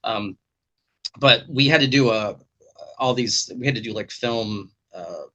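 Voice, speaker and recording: A man hosts a relaxed chat over a video call. He tells stories animatedly and swears freely. His voice is bright and forceful, with a middle pitch. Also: unhurried, dull audio. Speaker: podcast host. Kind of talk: casual chat.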